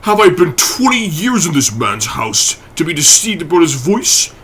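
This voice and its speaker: A man's voice: fairly high pitch, sing-song, normal speed, fairly bright tone, slightly rough, voice pushed up, full character voice. A man voicing a frightened, loyal middle-aged butler who speaks urgently and pleadingly. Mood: anxious urgent.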